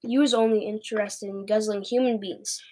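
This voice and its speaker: A woman reading the lines of a huge, greedy male giant in a storybook, shouting bossily with mangled grammar. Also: medium pitch, fairly even intonation, moderate pace, close to an everyday voice. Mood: bullying.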